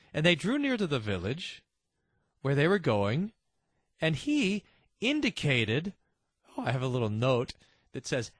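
Husky, lively man teaching scripture. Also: a little high, dry recording. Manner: animated and delighted, chuckling asides. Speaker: Bible teacher.

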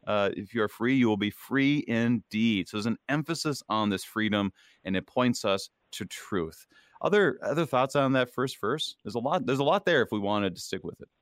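A man leading a casual Bible study discussion, chatty and quick to joke. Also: medium pitch, expressive, dry recording, clean studio sound. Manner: chatty, laughs, puts on shouted movie quotes.

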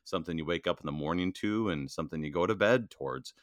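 A man's voice: low voice, fast talker, no echo, studio quality. A man who is a church district president, talking earnestly about faith with fillers and restarts, and reading passages aloud. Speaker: district president co-hosting a Lutheran study podcast. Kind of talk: casual theological discussion and reading aloud.

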